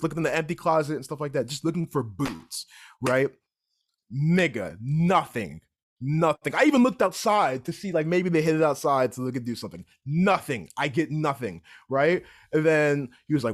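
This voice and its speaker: A man's voice: a little high, normal speed. Young man telling a story casually. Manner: animated, repeats "right?" and "I'm like". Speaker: podcast guest storyteller.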